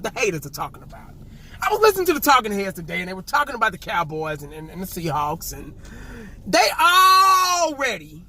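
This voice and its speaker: A man ranting casually to his viewers as a sports fan, animated and sarcastic, repeating himself and dropping into mock whispers. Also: high voice, breathy edge. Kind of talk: casual fan rant to camera.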